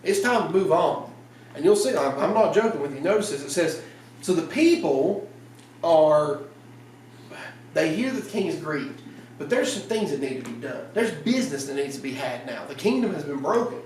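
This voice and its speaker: A man preaching a casual evening sermon in a church, telling the story in a lively way and acting out the lines. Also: fairly high pitch, normal speed, slight background noise. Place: church sanctuary. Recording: roomy church sound from a distant mic.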